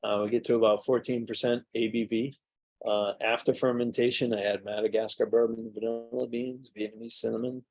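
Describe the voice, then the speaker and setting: A middle-aged man who makes mead shares rambling stories casually during a tasting, stumbling into fillers and restarts. His medium-pitched voice is a little mellow and fairly level in pitch, moving a little fast over soft background music.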